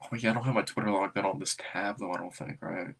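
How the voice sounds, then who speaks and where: A man hosting a casual livestream as a basketball fan, rambling and thinking out loud with excitable bursts. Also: deep voice, quick pace, vocal fry, husky.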